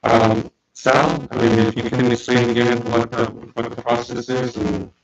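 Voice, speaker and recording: A man runs a council meeting, thanking speakers and calling the next one. His tone stays level and brisk. The recording is muffled. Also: mid-range voice, flat delivery, slight background noise. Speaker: meeting chair. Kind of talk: chairing a meeting. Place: city council chamber.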